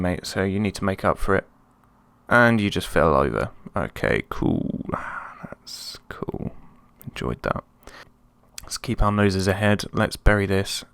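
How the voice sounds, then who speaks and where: A man casually commenting on his own football management game, chatty and prone to sudden excited outbursts. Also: fairly low pitch, moderate pace, smooth, no room sound. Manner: excitable, chatty, swings between calm and yelps. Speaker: let's play host.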